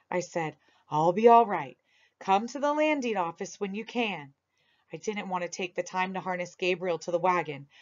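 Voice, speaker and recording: A woman reading a children's story aloud with expressive delivery. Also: mid-range voice. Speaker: reader. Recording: dull lo-fi recording.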